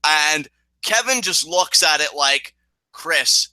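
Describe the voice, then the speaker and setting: A man co-hosting a casual wrestling review podcast, excitable and swearing as he recaps. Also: a little high, normal speed, no echo, rough recording. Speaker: podcast co-host.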